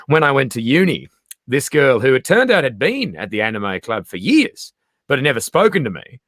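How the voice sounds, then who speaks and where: A man in casual interview chat, an animated storyteller who acts out the voices he quotes. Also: medium pitch, normal speed, dry recording, studio quality. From Australia. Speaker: comedian guest.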